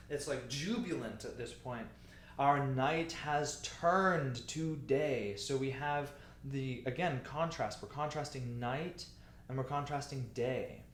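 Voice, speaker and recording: A man teaching the alto part of a choir piece, explaining the markings patiently and speaking the lyrics slowly. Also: mid-range voice, roomy sound, a little hiss or hum. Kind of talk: music lesson walkthrough.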